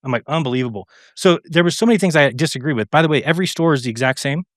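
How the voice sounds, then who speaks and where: A middle-aged man talking quickly as an interview guest, caught on a dry, close microphone. He tells his story in a lively way, playing out each exchange with fillers and restarts. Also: a little high, no echo. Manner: animated, acts out quoted exchanges, frequent fillers and restarts.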